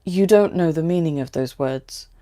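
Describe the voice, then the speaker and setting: A woman voicing a frightened, bitter young woman in a story reading, quiet and halting. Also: deep voice, natural voice.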